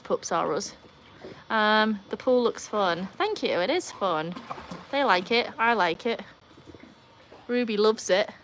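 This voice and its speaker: North Yorkshire woman, livestream host, dry self-mocking chatter, slightly high voice, faint room hum. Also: a bit bright. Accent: North Yorkshire English. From North Yorkshire, England. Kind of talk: casual live-stream chat.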